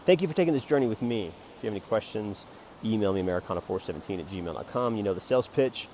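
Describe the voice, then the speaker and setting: A man with a somewhat low voice rambles through a jokey, self-promoting pitch for his photo prints. He swings from loud, excited bursts to quiet mutters, and faint vehicle noise hums behind him. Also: quick pace. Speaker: amateur photographer selling prints.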